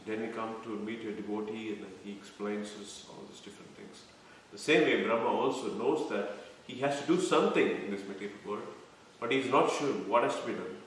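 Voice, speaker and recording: Guy teaching a scripture class, goes slow and quizzes people, heavy echo, mic far away. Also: fairly low pitch, slight background noise. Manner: explains terms slowly, quizzes listeners. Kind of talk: devotional scripture lecture. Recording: echoey room, mic far off.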